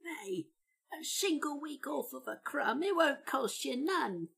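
A woman voicing a starving street urchin beggar, pleading theatrically in a gravelly, breathy voice. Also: high-pitched, expressive, measured pace, a bit bright, full character voice.

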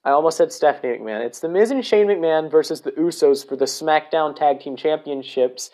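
A man's voice: a little high, a little fast, mellow. A man hosting a casual solo podcast, rambling, swearing and correcting himself as he goes. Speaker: podcast host.

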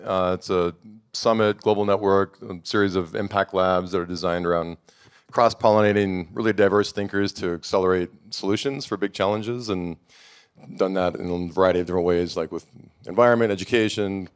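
A middle-aged man from Montana telling a lively story on a panel, acting out the people he quotes. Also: sits low, brisk, clear, resonant tone. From Montana, USA. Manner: animated storyteller, acts out quoted voices. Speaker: founder of a summit and network.

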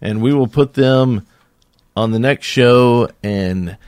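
A man's voice: mid-range voice, slow, a little mellow, no room sound, studio quality. A man co-hosting a podcast in casual chat, rambling and hesitant with many fillers. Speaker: podcast co-host.

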